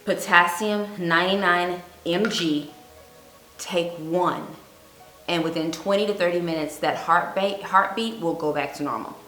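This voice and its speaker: A woman giving earnest fasting advice on her vlog, telling a personal story and repeating points for emphasis. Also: on the low side, fairly bright tone. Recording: echoey room with faint music.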